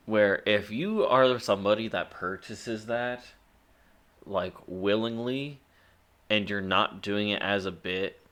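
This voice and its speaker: Man, podcast co-host, casual amused chat, lowish bright voice.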